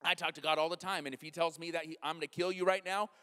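A man voicing a troubled, agitated drinking man in a story told from the pulpit, in a low, heavy delivery with the echo of a large hall. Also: steady tone, fast talker, pushed and bright, smooth.

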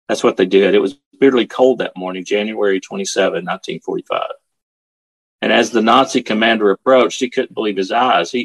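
Low, husky-voiced man telling a story. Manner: earnest, emphatic, halting with repeats. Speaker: speaker telling his father's war story. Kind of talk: storytelling talk.

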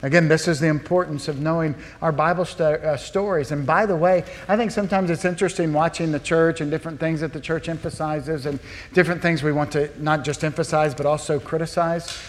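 A man preaching from the pulpit with a slightly high voice, earnest and full of rhetorical questions. His words ring out with the long reverb of a large church sanctuary. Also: fairly even intonation, brisk. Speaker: pastor. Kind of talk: sermon.

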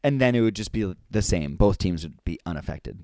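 A man's voice: low voice, expressive, fairly quick, warm tone, no room sound, studio quality. A man from Canada co-hosting a comedic sports podcast, bantering playfully. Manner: playful, bantering, swooping delivery. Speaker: podcast co-host.

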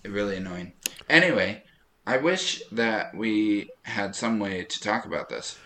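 Animated, bright-voiced man telling stories. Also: lowish voice, unhurried. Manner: animated storyteller, laughs often. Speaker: podcast co-host. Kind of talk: casual chat.

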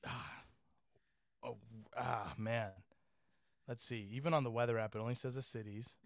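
A man's voice: medium pitch, fairly even intonation, unhurried, creaky, dry recording. A man from California co-hosting a podcast, chatting casually, acting out imagined dialogue, swearing and laughing often. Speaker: podcast co-host. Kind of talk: casual chat.

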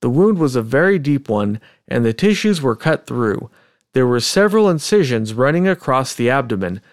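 A man co-hosting a casual true-crime podcast, reading old testimony aloud in a measured, deliberate way. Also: mid-range voice, sing-song, dry recording, clean studio sound. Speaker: podcast co-host.

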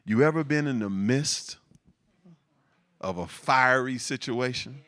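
A man preaching a sermon, reading scripture and breaking into animated, laughing asides with repeated words for emphasis. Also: mid-range voice, slow pace.

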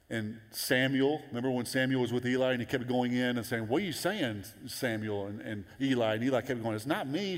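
A man preaching a sermon as pastor, animated and conversational, jumping into high excited voices when quoting. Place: large church auditorium. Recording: long hall reverb.

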